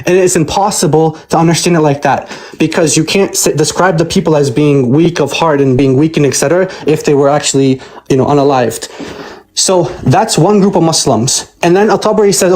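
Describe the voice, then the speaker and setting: A man in a heated online debate on a video call, making his argument in a brisk, impatient, lecturing way. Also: a little high, darkish tone.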